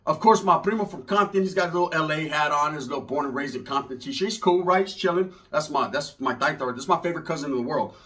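A comedian from Northern California telling a comic story in loose, slangy speech. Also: male voice, a little high, quick pace, hardly any pauses, fairly bright tone. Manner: loose, slangy, conversational delivery.

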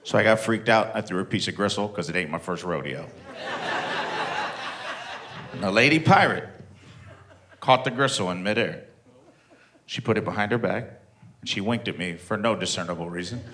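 Stand-up comic, thirties man, animated and profane, bright forceful voice. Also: deep voice, a little hiss or hum. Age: 30s. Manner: profane, animated, plain-spoken. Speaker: stand-up comedian. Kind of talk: stand-up comedy storytelling.

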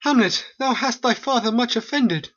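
A performer voicing a worried queen mother in an amateur animated play, reading the verse plainly. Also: mid-range voice, moderate pace, slightly rough, highs cut off. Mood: scolding.

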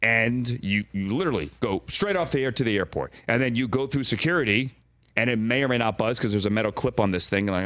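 A man's voice: mid-range voice, animated, fast talker, fairly bright tone, no room sound. Middle-aged male guest broadcaster, rambling storyteller, close dry studio mic. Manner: rambling storyteller, mimics on-air voices, frequent "right?". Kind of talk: animated casual studio chat. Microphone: studio mic with earpiece.

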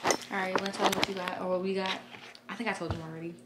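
A woman's voice: mid-range voice, rapid-fire, noisy background. Chatty 22-year-old woman vlogger. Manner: chatty, slangy, animated storytelling. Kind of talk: casual diary vlog.

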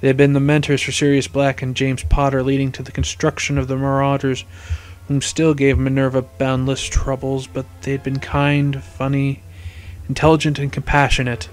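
A man reading a fan fiction story aloud in measured storytelling narration. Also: medium pitch, completely flat delivery, clear, resonant tone. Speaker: story reader.

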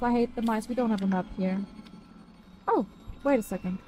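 A woman's voice: fairly high pitch, normal speed, mellow, rough recording. A woman live-streaming a horror game, chatting with viewers, swearing freely and shrieking at scares.

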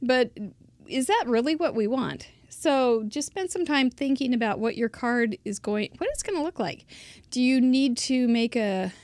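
A woman's voice: a little high, animated, normal speed, a little mellow, dry recording. Chatty woman teaching a craft. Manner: chatty, rambling, thinks aloud while working. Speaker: card-making instructor. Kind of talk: casual craft tutorial.

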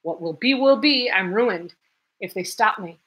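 A woman's voice: mid-range voice, lively intonation, unhurried, fairly bright tone, rough recording. A woman reading aloud, voicing the tense, despairing inner thoughts of a young man in dread. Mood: desperate.

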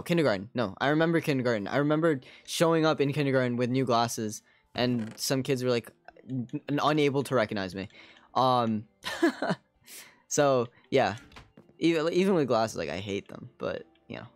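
A man's voice: medium pitch, dry recording. A man streaming a game and chatting casually with his viewers. He rambles a lot and fills his talk with "like". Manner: rambling, many "like" fillers, talks to chat. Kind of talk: casual live gaming chat.

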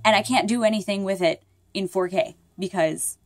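Lying in bed, a young woman vlogger talks casually to her viewers in a medium-pitched voice at a moderate pace. She rambles, sounds upset and keeps apologizing.

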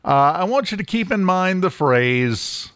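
A man's voice: high-pitched, expressive, measured pace, noisy background. A man hosting a talk radio show in a studio, delivering a blunt, sarcastic opinion monologue with emphatic repetition.

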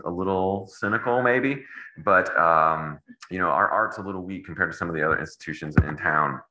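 A middle-aged man lectures on medicine, wandering into casual, wry asides. His voice sits extremely low yet cuts through bright and forceful. The echoey lecture room rings around him. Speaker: anesthesiologist giving grand rounds.

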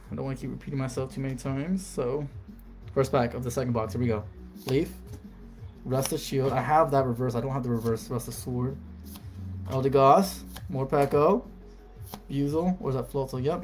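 A young man streaming live, casually calling out cards as he opens packs and breaking into excited shouts at good pulls. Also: mid-range voice, a little hiss or hum. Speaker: card-opening streamer. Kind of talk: live card pack opening.

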